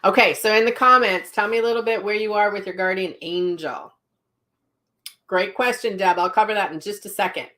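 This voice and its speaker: A woman's voice: medium pitch, a little fast, bright, forceful tone. A middle-aged woman, a psychic medium, casually chatting on a live stream, telling stories and reading viewer comments aloud.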